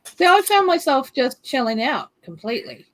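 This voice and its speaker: Relaxed woman laughing easily. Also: sits high. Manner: relaxed, emphatic, quick to laugh. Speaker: co-host chef. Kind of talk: casual chat on a video call.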